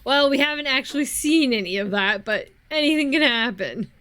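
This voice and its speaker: A woman's voice: high voice, animated, normal speed, bright, forceful tone, rough recording. A woman giving casual, giggly commentary while playing a life-simulation game, sleepy and yawning as she chats. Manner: giggly, chatty, self-mocking about being tired.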